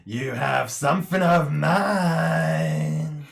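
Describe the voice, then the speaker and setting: A man's voice: a little high, sing-song, very slow, vocal fry, pitched above the performer's own voice, full character voice. A man voicing a mad, hulking, tentacled male monster warlord in a tabletop game, taunting in a bellowing sing-song. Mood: menacing.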